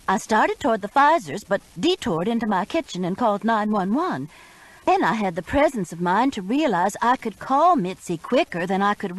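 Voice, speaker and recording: A woman's voice: mid-range voice, rough recording. A woman narrating a first-person mystery audiobook with urgent expression.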